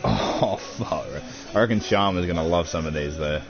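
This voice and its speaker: Calling everybody dude and bro, a young man swears heavily and talks crudely as he does an unboxing. He has a low-pitched voice at a moderate pace, and the recording is dull, lo-fi, with faint music.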